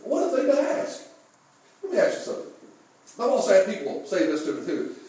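A man's voice: sits high, big pitch swings, a little fast, warm tone. A male pastor preaching a sermon, telling folksy stories with chuckles and asking the congregation questions. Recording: echoey room, mic far off.

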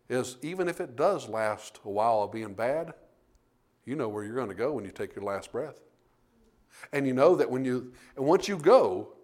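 Animated man preaching a sermon. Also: medium pitch. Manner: animated storytelling, folksy and emphatic.

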